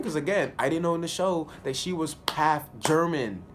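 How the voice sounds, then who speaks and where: A man giving a casual spoken review of a TV episode, animated and slangy, often laughing. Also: sits high, moderate pace, few pauses, a little hiss or hum. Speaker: TV show reviewer.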